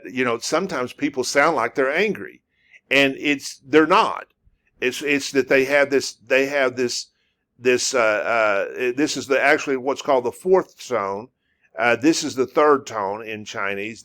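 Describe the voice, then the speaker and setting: A man gives a relaxed spoken lesson in a middle-pitched voice, slowly drawing out and repeating single syllables. He pauses often with "uh" while he finds his words. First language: English. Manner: repetitive, drawn-out demonstrations of syllables with frequent fillers. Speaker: language teacher.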